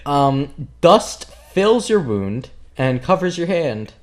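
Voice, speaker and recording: A man's voice: a little high, sing-song, slow. A man running a tabletop game as game master, narrating scenes in a joking, loose way.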